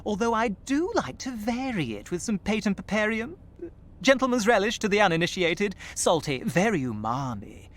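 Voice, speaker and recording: Posh fussy presenter, plummy, twittering, lively swooping delivery. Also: male voice, high-pitched, moderate pace. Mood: prim. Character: pompous posh old-fashioned male presenter. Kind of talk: radio comedy acting.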